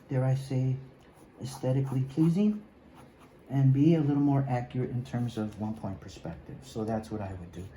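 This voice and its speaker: A man's voice: medium pitch, warm tone, roomy sound, slight background noise, low-quality recording. A man teaching an eighth-grade art class, giving feedback in an encouraging way and talking through his drawing, often trailing off to a mumble as he works. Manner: encouraging, repeats "okay?" and "guys"; talks while drawing, often drops to a mumble. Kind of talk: recorded drawing lesson.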